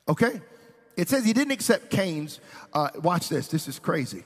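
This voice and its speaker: A male pastor preaches with animated storytelling and slips into the voices of the people in his stories. His voice sits high for a man. The sound carries a long reverb from a large hall. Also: moderate pace. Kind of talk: sermon.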